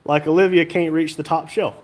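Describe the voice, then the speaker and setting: A man's voice: a little high, steady tone, a little fast. A man hosting a casual livestream, reading viewer comments aloud and joking along. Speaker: livestream host reading chat.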